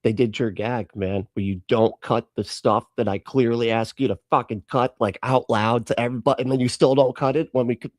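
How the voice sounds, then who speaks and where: A man's voice: mid-range voice, steady tone, fairly quick, hardly any pauses, no room sound, studio quality. Sarcastic man reacting on a live stream. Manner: sarcastic, laughing, swearing, mocking the clip. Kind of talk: casual live reaction commentary.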